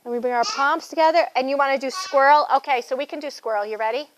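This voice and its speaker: A woman's voice: sits high, fast talker, a little hiss or hum, rough recording. A young adult woman guiding a children's yoga class with playful, sing-song encouragement.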